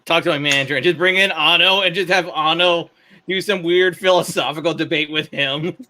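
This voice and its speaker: Playful man with a bright voice. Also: a little high, fairly even intonation, a little fast. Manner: playful, teasing questions. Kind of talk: casual chat.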